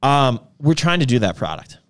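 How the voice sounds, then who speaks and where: A man in relaxed podcast banter whose voice rises and falls a lot as he talks. He jokes around and laughs easily, drifting loosely from point to point. His pitch sits in an ordinary middle range. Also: normal speed. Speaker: podcast co-host. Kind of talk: casual chat.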